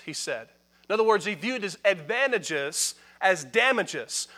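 A male pastor preaching with a high, ringing voice. His delivery is emphatic, darting between hurried asides to the congregation and drawn-out, forceful declarations. He calls out for responses from the pews. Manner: emphatic preaching that swings from quick asides to loud pronouncements. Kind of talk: sermon.

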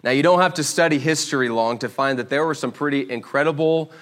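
A man preaching a sermon, telling a Bible story with lively acted-out voices. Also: mid-range voice, fast talker. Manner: animated storytelling, acts out voices. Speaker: pastor.

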